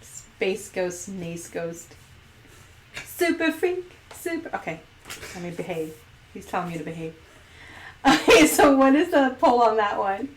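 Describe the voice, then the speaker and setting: A woman's voice: medium pitch, big pitch swings, unhurried, long pauses, echoey room, a little hiss or hum. A woman hosting a casual livestream chat, playful and giggly as she reads out poll questions. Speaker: host.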